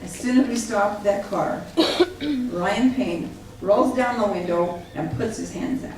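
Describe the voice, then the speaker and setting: A woman giving an earnest, animated personal account to a live audience, acting out what others said, heard from a distance in a large echoey hall. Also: mid-range voice, takes it slowly. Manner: earnest, animated storytelling that acts out others' words. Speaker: speaker at a public gathering. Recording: echoey hall from far off, faint hiss.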